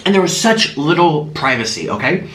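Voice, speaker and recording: A man with a fairly high, lively voice tells a story while he eats on camera. He gasps and murmurs between bites. The recording is echoey, with a faint hiss in the background. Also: normal speed. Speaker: mukbang vlogger.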